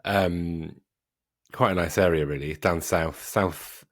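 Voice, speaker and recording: A southern English man hosting a podcast, relaxed and self-deprecating. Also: low voice, slow, no echo, studio quality. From Wiltshire, England. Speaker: podcast host. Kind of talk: casual podcast chat.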